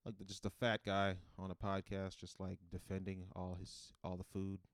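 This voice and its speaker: Gravelly deadpan comedy podcaster. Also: male voice, sits low, normal speed, dry recording. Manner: rambling, deadpan, self-mocking. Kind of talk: solo comedy podcast monologue.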